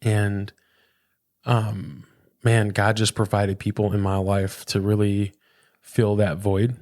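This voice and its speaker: An earnest man in his thirties with a lowish voice, talking as a pastor in a relaxed interview. He is recorded close and dry, with almost no room sound. He speaks reflectively and keeps dropping in "man" and "dude". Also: takes it slowly, dry recording. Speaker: pastor, podcast guest. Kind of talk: casual conversational interview.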